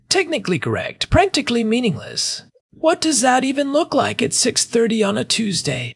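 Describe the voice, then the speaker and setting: A podcast co-host making wry, joking asides in casual chat, with a husky voice. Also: high-pitched, fairly bright tone, dry recording, studio quality.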